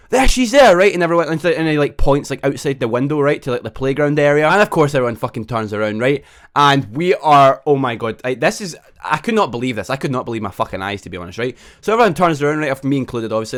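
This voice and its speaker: A young man telling a storytime vlog, swearing a lot and tacking "right?" onto nearly every line. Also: mid-range voice. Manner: fast, sweary, constant tag "right?". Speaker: vlogger.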